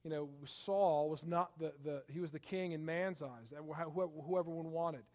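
A middle-aged pastor delivers a sermon in a relaxed, conversational tone. His voice sits a touch high for a man, and he lifts his volume to stress key points. He often restarts his sentences as he speaks. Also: normal speed, dull audio. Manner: conversational preaching, rising for emphasis, frequent restarts.

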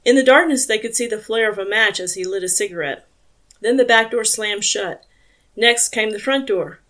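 A woman narrating an audiobook in a measured, even storytelling manner. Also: on the high side. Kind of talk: scripted narration.

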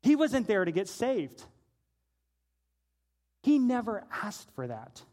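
A man preaching a sermon as a pastor, telling a story and swinging from hushed, low passages to shouted praise. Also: big pitch swings, slow.

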